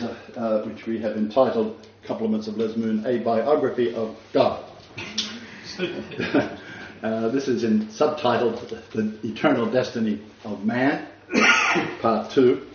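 A man giving a spiritual lecture as a rabbi to a small live group, halting, with frequent fillers and restarts. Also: medium pitch, a little hiss or hum. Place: room with a small audience. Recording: distant, roomy, dull room recording.

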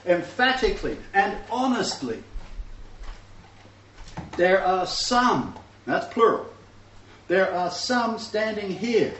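A man preaching a teaching sermon to a messianic congregation, emphatic and often asking the listeners rhetorical questions. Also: mid-range voice. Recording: distant, roomy, dull recording with faint background noise.

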